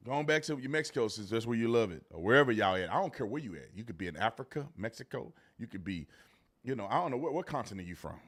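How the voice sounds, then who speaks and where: A man hosting a live political commentary show, talking in a mocking, slangy way that swings between loud outbursts and low muttered asides. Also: expressive, fast talker.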